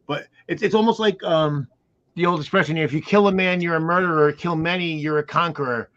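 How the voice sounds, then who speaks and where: A man co-hosts a casual chat, pressing his points emphatically and restarting sentences often. His voice sits a little high. The recording sounds dull and lo-fi. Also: fairly quick, fairly bright tone. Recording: dull lo-fi audio.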